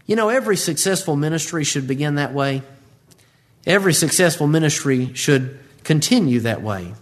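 Preacher guy, kinda high voice, does the bible characters' lines in big dramatic swings. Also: normal speed. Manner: animated, acts out Bible voices with big pitch jumps. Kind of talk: sermon.

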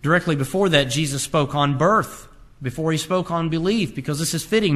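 A man's voice: fairly high pitch, fairly quick, fairly bright tone. A man preaching a sermon, quoting scripture with emphatic rises and drops in his voice. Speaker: pastor.

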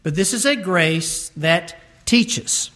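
A man with a fairly high voice delivers a sermon. He leans hard on key words, stretching some out slowly and rushing through others. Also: lively intonation, pushed and bright. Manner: emphatic, varies pace to stress words. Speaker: preacher.

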